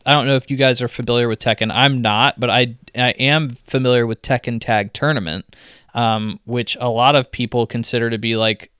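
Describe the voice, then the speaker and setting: A man's voice: mid-range voice, fairly even intonation, moderate pace, a bit bright, clean tone, dry recording, clean studio sound. A man co-hosting a casual gaming podcast, wry and joking as he talks things over with friends. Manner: wry, joking, slips into mock grumpy voices. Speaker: podcast co-host.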